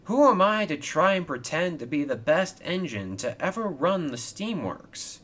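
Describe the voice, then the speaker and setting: A man voicing an eager, clumsy young male crane in a toy train storybook video, talking high and excitable. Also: a little slow, exaggerated voice. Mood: sorry.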